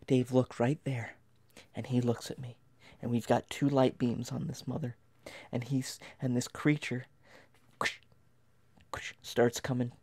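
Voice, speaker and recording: A man telling a comic, mock-terrifying story from his past, dropping to whispers and then rising into loud, frantic bursts. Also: mid-range voice. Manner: dramatic, dropping to whispers and rising to near shouts.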